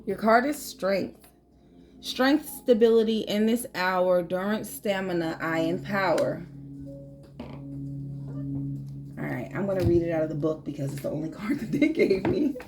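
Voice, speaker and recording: A woman's voice: lowish voice, measured pace, pauses often, darkish tone, faint music behind. A woman giving a casual tarot reading to her viewers, chatty and emphatic, laughing often. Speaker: tarot reader.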